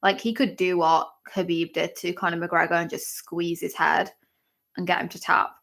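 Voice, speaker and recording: A woman hosting a live fight-watching stream, chatty and excitable, with lots of exclamations and fillers. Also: lowish voice, moderate pace, vocal fry. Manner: chatty, filler-heavy talk. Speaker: livestream host.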